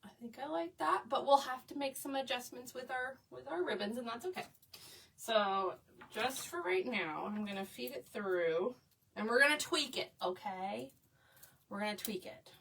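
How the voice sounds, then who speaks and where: A chatty woman leads a live crafting tutorial, gushing over her materials and chatting with her viewers. Her voice sits on the higher side. She is heard from a little away from the microphone. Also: animated, moderate pace, gravelly, fairly bright tone, husky, far from the mic. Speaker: craft instructor. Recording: voice a bit away from the mic.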